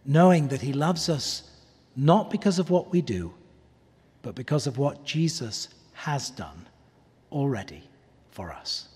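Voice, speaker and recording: A man preaching a sermon, earnest and pleading, often letting his voice drop softly on key words. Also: sits high. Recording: long reverb of a large hall.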